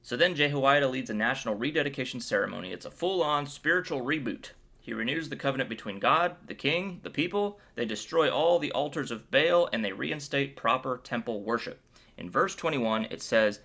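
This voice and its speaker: Here the man talks fairly quickly at medium pitch, his intonation lively and his tone pushed and bright. As host of a casual Bible commentary, he's upbeat and playful, tossing in jokes while he retells the chapter.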